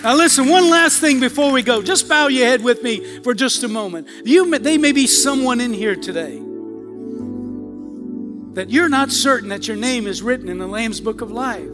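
A fervent male pastor leads an altar call in a church sanctuary, repeating his calls and rising to shouts. His voice sits very high for a man. Music plays clearly behind him. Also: animated, normal speed. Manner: fervent, repetitive exhortation, builds to shouting.

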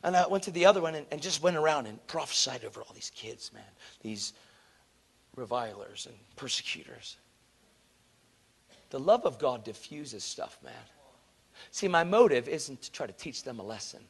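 A man preaching a sermon, telling a story in an animated, earnest, conversational way and acting out the people in it. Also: medium pitch, normal speed, gravelly, slightly rough.

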